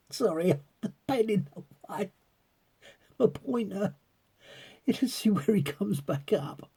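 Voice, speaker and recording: Speaking slowly with frequent pauses, a man with a high, expressive, dark, slightly rough voice vlogs about coin collecting. He chats casually with viewers and rambles while peering through a magnifier, repeatedly dissolving into giggles.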